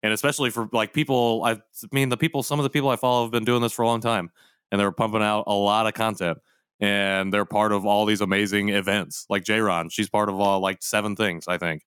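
A man co-hosting a podcast in casual chat, joking and teasing with quick comebacks. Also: fairly low pitch, fairly even intonation, fairly bright tone, smooth, no echo, studio quality. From United States. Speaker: podcast co-host.

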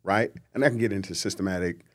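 A man, a guest on a podcast, talking in a lively, preachy way and mimicking people he quotes. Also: low-pitched, fast talker. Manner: animated, preachy, acts out quotes in mocking voices. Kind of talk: casual podcast conversation.

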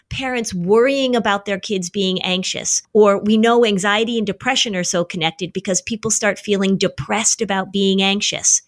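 Lively middle-aged woman telling stories. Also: mid-range voice. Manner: animated storyteller, acts out her own outbursts. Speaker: parenting expert, podcast regular. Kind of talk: casual podcast chat.

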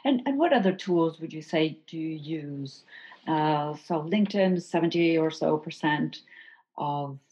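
A woman's voice: deep voice, lively intonation, measured pace, darkish tone, breathy edge. A woman hosting an interview, asking long, winding questions. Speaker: host. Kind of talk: interview conversation. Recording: slightly dull lo-fi audio.

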